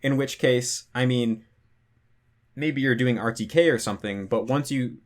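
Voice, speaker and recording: A young man who hosts a language-learning channel does a casual Q&A monologue in an unhurried, mid-range voice. His explanations are loose and full of "like" fillers and restarts.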